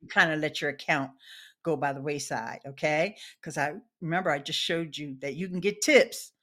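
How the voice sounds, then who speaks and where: A woman's voice: low-pitched, normal speed, sharp tone. A woman guest on a live-streamed chat show, friendly and easy to laugh. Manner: friendly, greets viewers by name, laughs easily.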